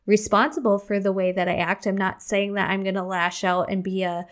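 A young woman hosting her own podcast, talking candidly and chattily, now and then acting out her own outbursts in a higher voice. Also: steady tone, a little fast. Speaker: podcast host. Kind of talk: casual solo podcast talk.

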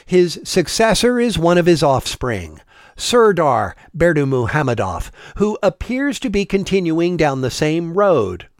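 A man narrating a travel story in a measured, wry scripted style. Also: fairly high pitch, very animated, no room sound, clean studio sound.

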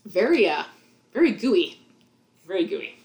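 A giggly woman trading quips in a casual movie commentary. Her pitch rises and falls freely. The room around her sounds echoey. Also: sing-song, unhurried, darkish tone. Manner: giggly, laughs often. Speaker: podcast co-host.

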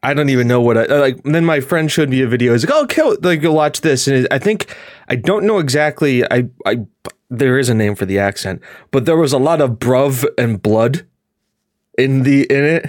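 A podcast host with a mid-range voice chats casually at a normal pace, rambling, animated, and laughing often. The sound is clean studio audio with no room sound.

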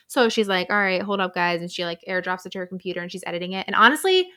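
A woman co-hosting a casual podcast, retelling a novel's plot with animated, dramatic flair and frequent laughter. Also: lowish voice, racing. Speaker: podcast co-host recapping a novel. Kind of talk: casual chat.

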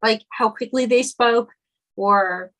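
Woman from Quebec, podcast guest, medium pitch, chatty, casual interview talk. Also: a bit bright. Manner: chatty, talks things through, does quick impressions of callers.

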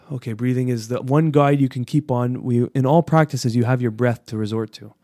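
A man's voice: medium pitch, normal speed, mellow, no room sound, studio quality. A man co-hosting a podcast, talking in an earnest, reflective way and laughing easily. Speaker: podcast co-host. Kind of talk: casual podcast chat.

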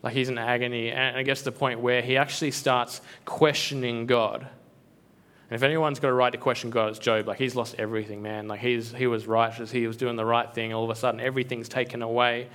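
A man's voice: medium pitch, level tone, a little fast, a bit bright. A man giving a casual devotional talk as a preacher. He speaks in a conversational and earnest way, full of fillers and restarts. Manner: conversational, filler-heavy, earnest, with frequent repeats.

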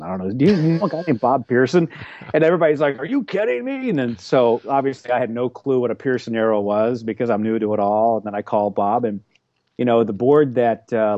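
A man's voice: mid-range voice, mellow, no room sound, highs cut off. A man in his forties, an interview guest telling a long story in a casual, rambling way with many fillers and restarts. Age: 40s.

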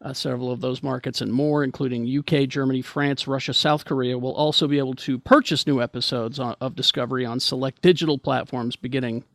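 A man's voice: medium pitch, level tone, fast talker, gravelly, hardly any pauses, a bit bright, dry recording. An American man hosting a casual podcast chat, rambling and restarting his sentences often. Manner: rambling, hesitant with many restarts. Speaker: podcast host.

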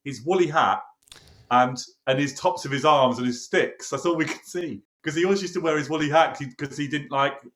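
A man's voice: on the high side, fairly quick. A man, a producer casually telling a studio anecdote, acting out the dialogue and laughing as he goes. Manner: lively storyteller, acts out quoted dialogue, laughs often. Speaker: producer recalling a recording session. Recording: roomy echoey sound.

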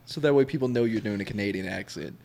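A man co-hosting a casual podcast, teasing the others with quick banter. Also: on the low side, vocal fry, a little mellow. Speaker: podcast co-host.

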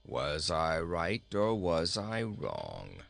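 A man's voice: deep voice, wildly swooping pitch, vocal fry, a bit bright, soft background music, pitched below the performer's own voice, full character voice. A man growling as a grumpy scornful talking goat. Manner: growling, contemptuous, slow and heavy.

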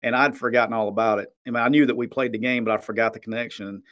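A man's voice: medium pitch, fairly even intonation, very fast, fairly bright tone. A man, hosting a podcast in a friendly, rambling way and laughing easily. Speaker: podcast host. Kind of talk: casual podcast chat.

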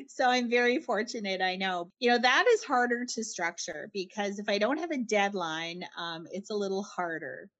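A middle-aged woman from Canada, a writer being interviewed, talking in a chatty, animated way with frequent laughs and restarted phrases. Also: medium pitch, lo-fi sound. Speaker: guest, writer. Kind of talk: conversational interview answers.

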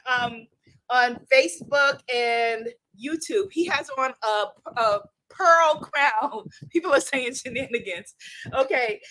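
A woman with a high, bright voice hosts a live stream, full of playful energy and quick laughter. Her voice sits close and dry with no room around it. She talks to her viewers in a warm, emotional rush. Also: dry recording, low-quality recording. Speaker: livestream host.

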